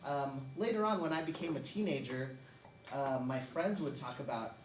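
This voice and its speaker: A man's voice: mid-range voice, normal speed. Brief: young man, easygoing speaker, laughs as he tells stories, recorded from afar in an echoey church hall. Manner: chatty, self-deprecating, laughing often. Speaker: guest speaker at a parish event. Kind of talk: conversational talk with humorous anecdotes. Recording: echoey room, distant mic, background noise.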